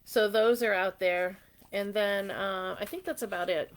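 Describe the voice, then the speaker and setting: A middle-aged woman with a slightly hoarse voice, hosting a live jewelry sale, chatting casually and reading viewer comments. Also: mid-range voice, fairly even intonation, unhurried. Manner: chatty and sentimental, reads viewer comments aloud. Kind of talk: casual live-stream chat.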